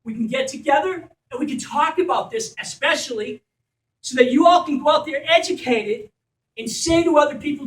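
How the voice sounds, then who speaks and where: A man's voice: extremely high pitch, normal speed, fairly bright tone. A man speaking as organizer at a community fundraiser at a school, passionate and blunt, sometimes swearing. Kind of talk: impassioned fundraiser speech. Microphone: distant from the mic. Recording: echoey room, recorded from far off.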